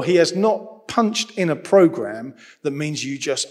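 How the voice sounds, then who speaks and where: A man preaching a sermon in a lively, humorous, conversational way. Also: a little high, unhurried, hardly any pauses. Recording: long reverb of a large hall.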